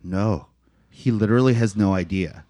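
A man's voice: moderate pace, no room sound. A man on a casual podcast, telling stories with swearing and lots of "man" and "dude". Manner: animated storytelling with big pitch swings. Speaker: podcast co-host. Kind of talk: casual chat.

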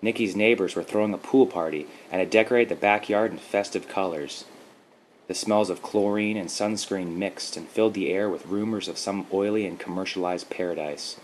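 A man narrating a short story in a steady, measured reading style, with faint background noise. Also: deep voice, rough recording. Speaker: podcast host and story reader.

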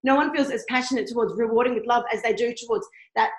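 A woman in her thirties talks fast and passionately, blunt and unfiltered, with the odd swear word. Her voice sits a little high and rings in an echoey room. Candid podcast chat. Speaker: guest, blogger who tours.

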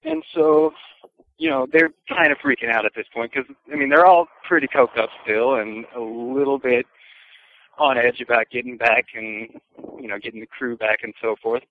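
A man casually telling a long anecdote, chatty and relaxed, acting out the voices of the people in it. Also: medium pitch, normal speed, rough recording. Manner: relaxed, chatty, acts out quoted voices, chuckles. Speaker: storyteller. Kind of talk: casual podcast storytelling.

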